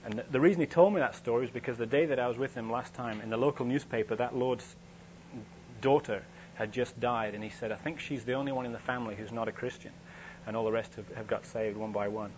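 A man's voice: mid-range voice, fast, darkish tone. A male preacher tells a story in a loose, conversational sermon, often restarting his sentences. His voice sits in a middle register. The recording is dull and lo-fi, with a faint hum and noise underneath.

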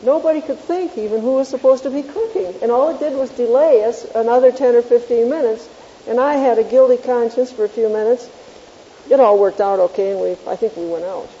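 A woman's voice: on the high side, brisk, dark tone, long reverb tail. A woman teaching a Bible class, telling homely stories with self-mocking chuckles and quizzing the class on her points. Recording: dull lo-fi tape with faint hiss.

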